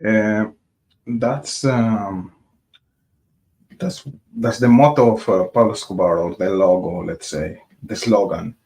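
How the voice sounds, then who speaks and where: A man from Colombia, narrating a casual vlog in English and pausing often between words. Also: fairly low pitch, fairly even intonation, a little mellow. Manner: hesitant, many filler pauses. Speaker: vlogger.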